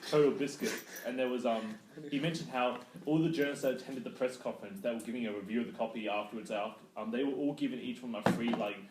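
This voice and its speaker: A man's voice: mid-range voice, fast. A man, co-hosting a casual podcast and rambling through his points with lots of fillers and restarts. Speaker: podcast co-host. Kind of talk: casual chat. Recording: echoey room with faint hiss.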